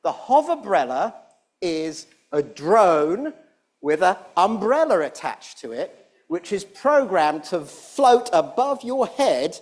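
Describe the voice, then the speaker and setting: A man's voice: sits high, big pitch swings, slow. A middle-aged man leading a jokey all-age church talk, playful and rambling as he teases the congregation. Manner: playful, rambling, teasing the audience. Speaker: church service leader.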